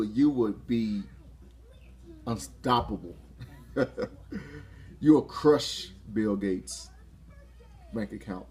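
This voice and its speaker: A man giving a casual motivational talk to camera, excitable, laughing often and restarting his phrases. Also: mid-range voice. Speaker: motivational vlogger.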